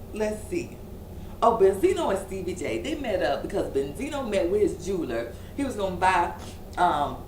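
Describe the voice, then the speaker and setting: A woman chatting through a reality show recap, her pitch swinging up and down as she acts out the quotes. She laughs between lines and sounds a little off the mic, in a room with a lot of echo. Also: recorded from a distance. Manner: animated, gossipy, laughing asides, acts out quotes. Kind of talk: casual recap chat. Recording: roomy echo, a bit off-mic.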